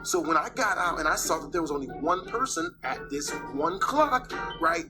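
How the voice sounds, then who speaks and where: A man narrating a profane comic story for an animated video. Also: high-pitched, moderate pace, over loud music, low-quality recording.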